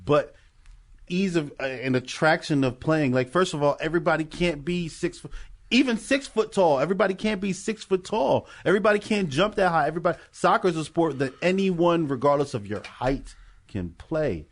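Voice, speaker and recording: An American man co-hosting a podcast, ranting in a heated, profane way in casual chat while high. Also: expressive, fairly quick. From United States. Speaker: podcast co-host.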